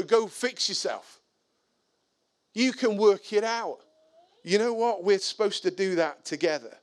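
A man preaching a sermon, telling stories in an animated, conversational way and reading scripture aloud. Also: sits high. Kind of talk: sermon with storytelling.

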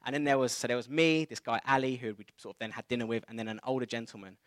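A man delivers a sermon, weaving in a personal anecdote with a lively, chatty manner. His voice sits at an ordinary middle pitch. The sound is close and dry, with no room echo. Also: fast talker. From England. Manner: conversational storytelling, animated retelling of dialogue. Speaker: preacher.

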